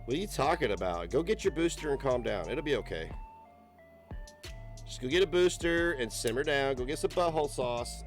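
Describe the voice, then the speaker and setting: A man's voice: expressive, normal speed, faint music behind. A man streaming live, ranting at his critics with heavy swearing and a mocking, combative manner. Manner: profane, combative, mocking, with bursts of high laughter. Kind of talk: angry live-stream rant.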